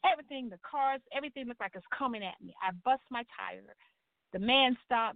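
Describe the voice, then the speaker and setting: A woman's voice: high-pitched, a little fast, no room sound. Woman with a drawl on a tinny line. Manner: animated storytelling, acts out quotes, churchy exclamations. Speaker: guest. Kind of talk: personal testimony in a talk show. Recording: tinny phone-line sound.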